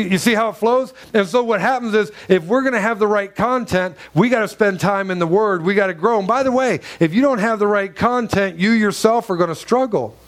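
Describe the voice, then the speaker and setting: A man preaching a sermon in a church, earnest and emphatic, with many rhetorical questions and repeated phrases. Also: high-pitched. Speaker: pastor.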